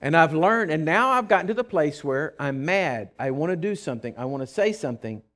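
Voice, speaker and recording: A man preaches a sermon in a slightly raised pitch. He tells his stories with emphasis, moving between loud, declaring bursts and softer asides. He often stumbles and restarts his words. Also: lively intonation, a little fast. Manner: frequent stammered restarts. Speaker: pastor.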